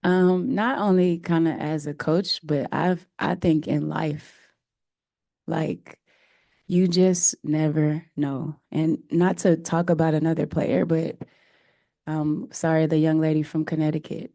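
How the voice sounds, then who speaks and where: Low, earnest woman coach at a press conference. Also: level tone, vocal fry, dark tone, no echo, clean studio sound. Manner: earnest, emotional, halting with fillers. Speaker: head coach. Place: press room.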